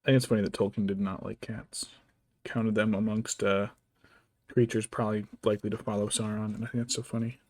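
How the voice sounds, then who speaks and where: A man's voice: fairly low pitch, flat delivery, brisk, a little mellow, no room sound. A man streaming as a vtuber, chatting casually and muttering to himself while he paints miniatures. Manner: rambling, mutters to himself, baby-talks his cat. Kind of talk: casual chat while working.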